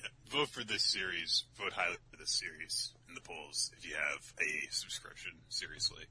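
A man's voice: low-pitched, normal speed, bright, forceful tone, slight background noise, rough recording. A young man co-hosting a casual manga podcast, laughing often, swearing, and mimicking characters as he recaps. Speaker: podcast co-host.

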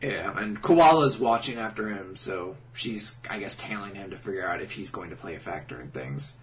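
A man's voice: lowish voice, normal speed. A man co-hosting a casual podcast, recapping comic chapters and acting out characters' lines. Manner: animated, acts out character lines in silly voices. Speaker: podcast co-host. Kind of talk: casual manga recap chat.

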